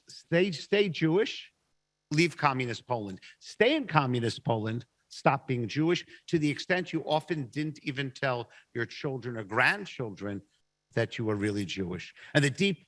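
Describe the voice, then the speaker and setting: A man speaking at a community meeting, telling a story with measured, emphatic phrasing and pauses. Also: a little high, a bit bright. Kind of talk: storytelling talk to an audience. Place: event hall.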